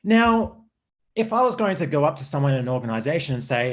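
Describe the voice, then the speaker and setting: Aussie male speaker, middle-aged, on a video call, lively up-and-down delivery, informal. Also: mid-range voice, fast. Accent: Australian. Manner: informal, slightly nervous first-time presenter. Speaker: conference speaker. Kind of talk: presentation.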